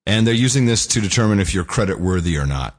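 Animated joking male podcast co-host. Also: fairly low pitch. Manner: joking, animated, quick asides. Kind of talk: casual chat.

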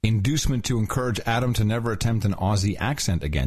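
A man co-hosting a podcast in casual chat, animated and jokey, now and then slipping into put-on accents. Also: fairly low pitch, quick pace, slightly rough. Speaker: podcast co-host.

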